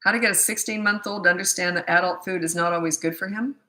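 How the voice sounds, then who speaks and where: Blunt, bright-voiced woman parenting coach. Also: fairly low pitch, fairly even intonation, fast. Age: middle-aged. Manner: blunt, tactless, laughs at herself. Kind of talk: live Q&A answering viewer questions.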